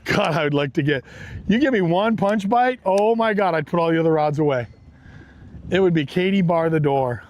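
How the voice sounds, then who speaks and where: Guy on a boat doing a live fishing stream, pumped up, kinda high voice. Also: normal speed. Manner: excited, exclamatory, talks straight to viewers. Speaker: fishing livestream host. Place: on a boat on a lake, outdoors.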